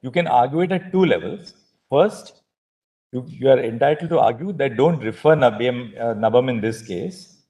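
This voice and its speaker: A man with an Indian English accent speaking from the bench as a judge, measured, summing up the facts and steering counsel's argument. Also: medium pitch, lively intonation, dark tone. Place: courtroom.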